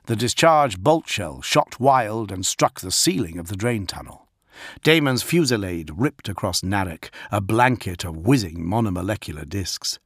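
A man narrating an audiobook in a steady, even storytelling manner. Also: fairly low pitch, normal speed, slightly rough, no echo, clean studio sound. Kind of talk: scripted narration.

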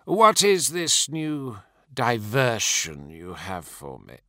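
A man voicing a possessed male demon prince who is silken and mocking, speaking slowly and theatrically. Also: mid-range voice, wildly swooping pitch, bright, forceful tone, dry recording, clean studio sound, heavily acted.

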